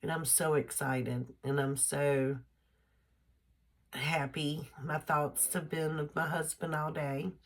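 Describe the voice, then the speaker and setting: Older woman vlogger, low husky voice, unhurried homespun chat. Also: level tone. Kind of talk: casual chat.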